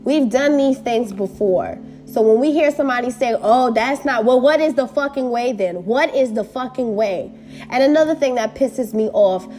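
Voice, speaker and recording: A woman's voice: fairly high pitch, a little mellow. Angry, profane woman ranting. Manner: angry, blunt and profane, repeating short phrases. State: upset and hurt. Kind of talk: impassioned personal rant to camera.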